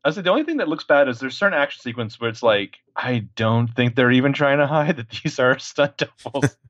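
Profane animated man on a dull podcast recording. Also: medium pitch, fairly quick, no room sound. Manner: animated, profane, acts out lines. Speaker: podcast co-host. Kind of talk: casual movie discussion.

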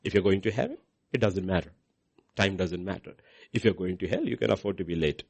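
A man preaching a sermon as pastor, swinging between hushed lines and loud, high outbursts. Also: a little fast, vocal fry.

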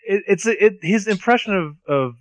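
A man's voice: high voice, animated, moderate pace, no echo. A man co-hosting a podcast, chatting casually and animatedly as he recaps a TV episode, often restarting his sentences. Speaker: podcast co-host.

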